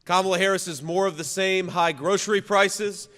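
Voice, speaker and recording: A man, a vice-presidential candidate, gives a political rally speech. He repeats punchy slogans, shouts the big lines, and often restarts his sentences. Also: sits high, steady tone, normal speed, long reverb tail. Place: campaign rally venue.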